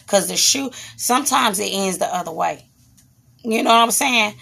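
A woman vlogger's medium-pitched voice is creaky, sharp-toned, and slightly rough, moving at a moderate pace. Telling a personal story, she rambles candidly and swears, now and then interrupting herself to scold her child.

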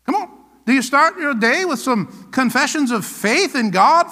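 A man's voice: very high voice, animated, a little slow, bright, forceful tone, big-room sound. A pastor preaching a sermon, emphatic and calling out to his congregation for answers. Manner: emphatic call-and-response preaching.

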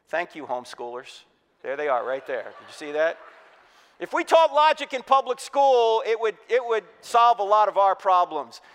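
Joking, high-voiced preacher man in a hall. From New Jersey. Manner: energetic, joking, quizzes the audience. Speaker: Christian speaker. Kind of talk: humorous apologetics sermon. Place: church hall. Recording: reverberant hall.

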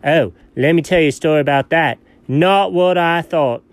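A co-host in comedy banter plays a scatterbrained, excitable buddy, lurching from low mumbles to sudden high yelps. His natural voice moves at a moderate pace with no echo, and the mood is goofy.

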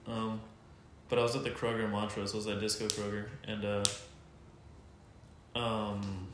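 A man's voice: on the low side, fairly bright tone. A man in his twenties telling a long story in casual chat, rambling with many "like"s and restarts. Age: 20s. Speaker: storyteller guest. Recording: echoey room with faint background noise.

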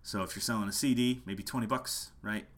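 This man, a musician teaching online marketing, has a fairly low, steady voice that sounds a bit bright and moves fairly quickly. Speaking casually to camera from home late at night, he's passionate and keeps repeating his points to make them stick.

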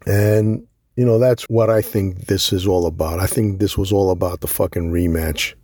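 A man's voice: low voice, fairly even intonation, moderate pace, a little mellow, slightly rough, no echo, studio quality. A middle-aged Puerto Rican man giving a blunt, profane, emphatic opinion monologue on boxing. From Puerto Rico. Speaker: boxing commentator.

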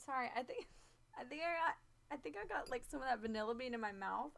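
A woman co-hosting a podcast, chatting casually with giggly, self-deprecating reactions and quick asides. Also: on the high side, lively intonation, creaky. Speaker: podcast co-host. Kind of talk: casual chat.

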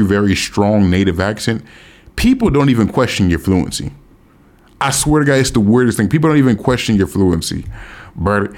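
Man, low voice, casual monologue, profane, animated, emphatic. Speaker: language learning vlogger. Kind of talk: casual advice monologue to camera.

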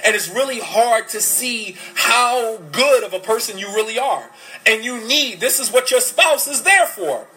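In a rough recording, a man with a very high, animated, bright and forceful voice lectures on parenting from an Islamic perspective. He presses his points with rhetorical questions and breaks into rapid Arabic recitation.

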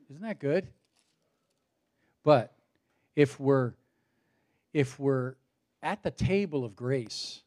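A man's voice: mid-range voice, darkish tone. A man preaching a sermon, asking rhetorical questions and building his points with rising emphasis. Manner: out of breath at times. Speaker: pastor.

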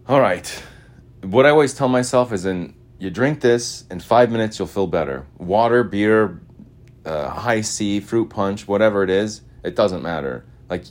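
A deep-voiced podcaster from Utah rambles through a monologue voice message. He's restless and repetitive, swinging between loud chanting and mumbled asides.

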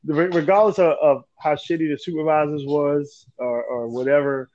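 A man in his forties hosting a casual chat, telling animated stories, laughing often and swearing casually. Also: a little high, moderate pace, no room sound. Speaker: podcast host. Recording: dull lo-fi dry sound.

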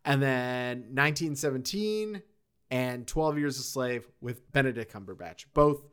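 A man co-hosting a podcast in casual chat, animated and quick to laugh. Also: medium pitch, clean tone. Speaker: podcast co-host.

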